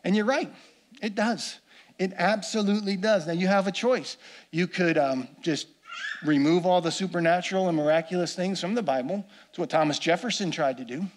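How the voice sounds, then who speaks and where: A man's voice: high voice, moderate pace. A man preaching a sermon, earnest and building emphasis by repeating phrases. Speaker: pastor.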